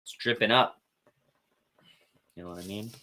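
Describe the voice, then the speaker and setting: Hosting an art show, a man chats casually and rambles to himself while he colors, swearing now and then. His voice is lowish, pushed and bright, with fairly even intonation at a moderate pace, and there's slight background noise.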